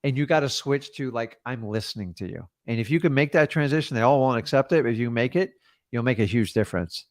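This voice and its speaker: A man coaching a caller in a casual, blunt way, acting out phone calls with quick changes of voice. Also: mid-range voice, dry recording, studio quality. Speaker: real estate investor coaching a caller.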